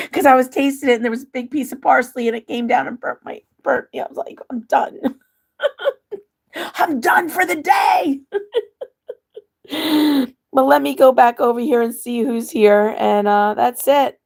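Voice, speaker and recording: A middle-aged woman hosts a casual livestream and reads viewer comments aloud, answering them one by one. She laughs and cries at the same time as she talks. Her voice is a little high, with a gravelly, creaky edge. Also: fairly even intonation, a little fast, darkish tone. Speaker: livestream host reading chat. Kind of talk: casual emotional livestream chat.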